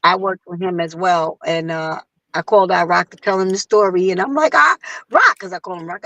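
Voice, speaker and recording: A woman singer telling a story in casual conversation, acting out other people's lines in a higher voice. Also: fairly quick, no echo, low-quality recording. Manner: animated, acts out quotes in a higher voice. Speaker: guest singer.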